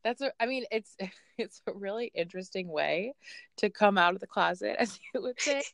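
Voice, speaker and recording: A woman's voice: medium pitch, expressive, normal speed, creaky, fairly bright tone, dry recording. A woman host and autism mom responding in a casual interview, reacting readily and laughing often.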